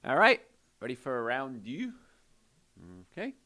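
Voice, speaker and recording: A man hosting a call-in health show as a doctor, talking in an energetic, folksy, salesy way. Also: mid-range voice, a little slow, very noisy. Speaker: radio show host and doctor. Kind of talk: call-in health radio talk.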